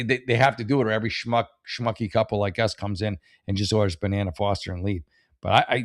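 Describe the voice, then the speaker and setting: A man riffs through reader posts in a loose, rambling, sarcastic way, cursing freely and tripping over his own restarts. His voice sits at an ordinary middle pitch. The sound is dry and close, with no room echo at all. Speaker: host reading and reacting to advice posts. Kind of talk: casual comedic commentary.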